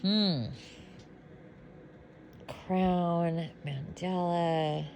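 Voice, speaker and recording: A tired woman talks slowly and drowsily through a card deck at home, her voice sitting a little low. She sounds relaxed and half-asleep, and faint background noise hums under her. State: sleepy, yawning. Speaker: tarot deck reviewer. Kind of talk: casual unboxing commentary.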